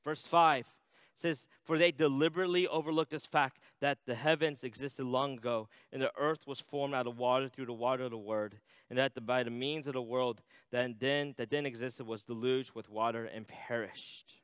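A man's voice: medium pitch, fairly even intonation, moderate pace, a bit bright, clear, resonant tone, dry recording. A man preaching a sermon in a conversational way, reading scripture aloud and adding "right?" asides. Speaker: pastor.

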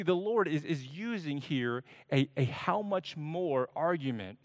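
A pastor preaches to his church, unpacking a scripture passage and performing quoted lines with dramatic flair. His voice is a little high and darkish, with lively intonation, and his delivery is slow and deliberate. The recording is dry and studio quality.

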